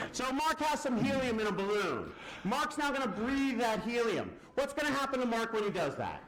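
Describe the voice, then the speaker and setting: Over a noisy background, a science lecturer with a very high voice keeps a measured pace through his live physics demonstration. He's lively, asking the audience questions and answering them himself, and the big lecture hall sounds echoey.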